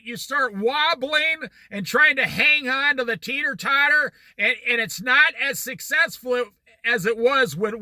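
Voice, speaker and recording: A man's voice: extremely high pitch, pushed and bright, dry recording. A man giving a motivational talk in a folksy way, repeating his points for emphasis. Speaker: speaker.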